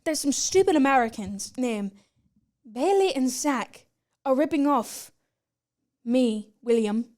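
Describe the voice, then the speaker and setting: A woman's voice: sits high, expressive, slow, a little mellow. A woman playing a smug mock-posh British gent. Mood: haughty. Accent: put-on British English. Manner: mock-patriotic, haughty. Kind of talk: comedy sketch.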